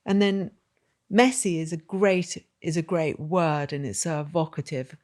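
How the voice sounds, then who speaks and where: A woman host with a somewhat low voice asks thoughtful, slightly rambling questions. Her tone is conversational and unhurried. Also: a little mellow. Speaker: podcast host. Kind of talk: interview conversation.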